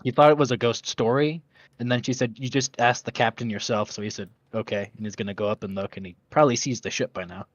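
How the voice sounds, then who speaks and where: A man's voice: lowish voice, fast, no room sound. A man playing a tabletop role-play game, describing his character's actions and voicing his questions in a quizzical way. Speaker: player. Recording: dull, dry lo-fi recording.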